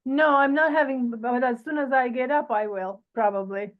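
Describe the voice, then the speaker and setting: A woman hosting an interview, answering questions in a hesitant, halting way. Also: high-pitched. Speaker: host. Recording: tinny call audio.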